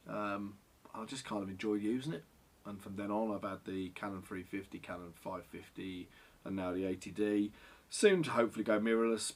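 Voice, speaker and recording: Middle-aged bloke, husky lowish voice, rambling on casually and swearing a bit. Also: male voice. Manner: rambling, sweary and self-deprecating. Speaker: photographer and vlogger. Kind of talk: casual Q&A vlog.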